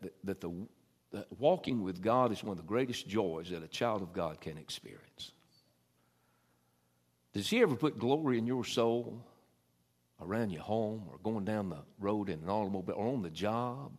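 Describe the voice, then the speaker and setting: A man's voice: fairly low pitch, expressive, moderate pace. Folksy preacher man. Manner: folksy Southern preaching, swells loud then drops soft. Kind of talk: sermon. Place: church sanctuary.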